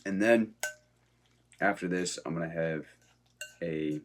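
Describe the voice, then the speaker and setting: A man's voice: low-pitched, slow pace, a little hiss or hum. A man vlogging in a casual, upbeat way, talking straight to his viewers. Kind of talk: casual vlog chat.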